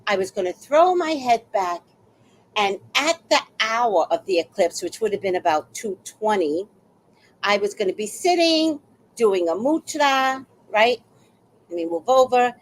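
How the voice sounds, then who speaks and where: A woman tells a personal story in a relaxed, chatty monologue. Her voice sits a little high and moves animatedly up and down. She acts out both sides of each exchange as she goes. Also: a little slow, low-quality recording.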